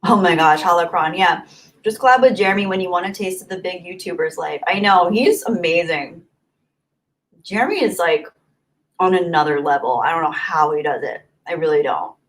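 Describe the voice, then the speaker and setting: A woman's voice: on the low side, expressive, normal speed. A woman hosting a YouTube livestream, chatting casually and reading out viewer comments before answering them.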